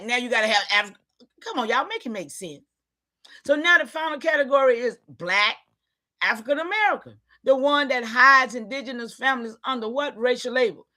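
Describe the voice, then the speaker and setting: A woman giving an impassioned, preachy livestream talk, calling out to her listeners and sometimes shouting in frustration. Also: high-pitched. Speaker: online community leader.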